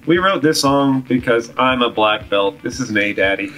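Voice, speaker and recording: A man's voice: medium pitch, normal speed, fairly bright tone, soft background music. A man in a band, goofing around with exaggerated jokes in a casual commentary from a hotel room. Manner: goofy, exaggerated. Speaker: band member.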